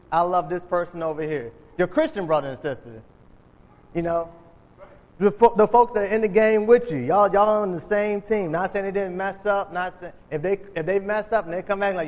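A man's voice: high-pitched, normal speed. A man preaching an informal sermon, retelling Bible stories in casual, conversational speech and acting out the characters. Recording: long hall reverb.

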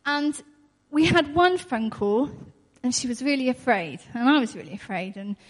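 A woman's voice: sits high, animated, moderate pace. A woman preaching a sermon in an earnest way, repeating her key phrases and laughing often. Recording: long hall reverb.

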